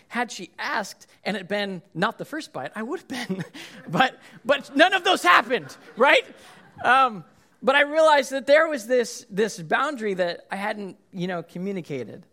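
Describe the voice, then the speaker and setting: A man in his thirties, the lead pastor, preaching a sermon and telling a funny story in an animated way. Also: high-pitched. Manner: animated storyteller, shouts in acted-out quotes.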